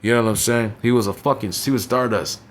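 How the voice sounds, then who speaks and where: A man's voice: medium pitch, fast talker. A young man giving a blunt, profanity-heavy recap of a wrestling show, often tossing in "you know what I'm saying". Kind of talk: casual profane recap commentary.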